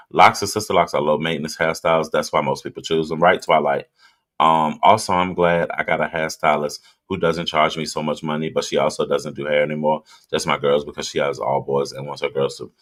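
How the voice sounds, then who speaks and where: Here the voice is very deep and fairly bright, with a flat, brisk delivery. The man is running a casual live chat, drinking, reading viewer comments and talking loosely and directly to the people watching.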